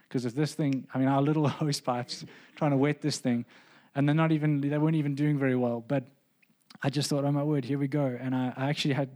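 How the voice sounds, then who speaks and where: A man's voice: medium pitch, darkish tone. A man, a pastor, telling a personal story in a sermon, earnest and building to emphatic preaching.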